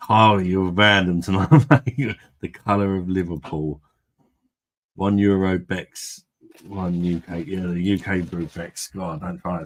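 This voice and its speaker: Deep-voiced tipsy man chatting. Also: a bit bright. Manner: jokey and rambling, laughs often. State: tipsy from drinking beer. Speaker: livestream host. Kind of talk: casual chat reading viewer comments.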